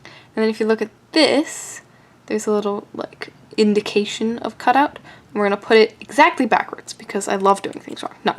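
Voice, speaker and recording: Playful woman with a gravelly, slightly high voice. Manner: playful and self-joking, often laughing; often drops to a soft whisper while working. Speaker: amateur radio hobbyist building a kit. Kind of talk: casual hands-on build vlog narration.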